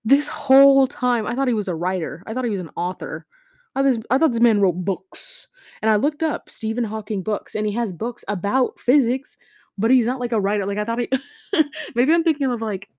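Lying in bed at home, a weary teen girl rambles through casual chat on her own podcast, giggling, using many fillers, and cutting herself off. Her voice sits on the high side, animated and a little mellow at a moderate pace, with a dry, clean studio sound from a home podcast mic.

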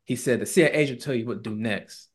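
On a casual podcast, this co-host retells a story with lots of energy, imitating the people in it with put-on tones. He speaks quickly in a mid-range voice.

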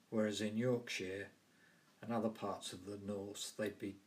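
A man with a Southern English accent hosting a language podcast, explaining points in a measured, scripted way. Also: fairly low pitch, flat delivery, fairly bright tone. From London and the South of England. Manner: measured, carefully spoken. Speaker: podcast host.

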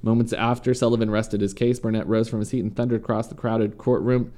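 A man's voice: fairly low pitch, level tone, quick pace, hardly any pauses, dark tone. A man reading a story aloud in a casual way, stumbling and correcting himself now and then. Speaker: podcast host reading a story. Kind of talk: casual true-crime reading.

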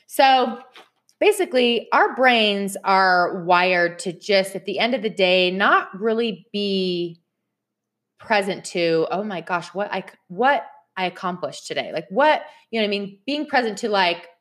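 A woman's voice: medium pitch, expressive, moderate pace, fairly bright tone. A woman hosting a podcast, chatting casually and telling stories straight to her listeners, often breaking into laughter. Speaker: podcast host. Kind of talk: casual chat.

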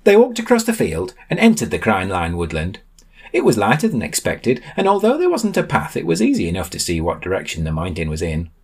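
A man reading a comic story aloud as storyteller, with deadpan narration. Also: on the low side, a little fast, breathy edge.

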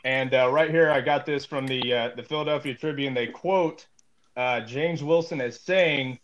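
A man's voice: medium pitch, moderate pace, a bit bright, highs cut off, slight background noise. A man co-hosting a podcast, telling a story in a rambling, joking way with many fillers. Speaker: podcast co-host. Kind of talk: casual podcast chat.

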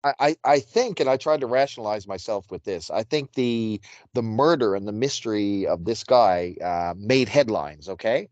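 A man's voice: lowish voice, expressive, moderate pace, darkish tone, no echo, highs cut off. A man co-hosting a casual comic book podcast, easygoing and chuckling, often stammering as he starts his points. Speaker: podcast co-host.

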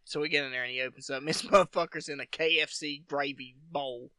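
Recorded dry, this man's voice sits a little high and moves briskly. He swears freely while spinning a long, lively yarn in casual conversation, performing the quotes of the people involved.

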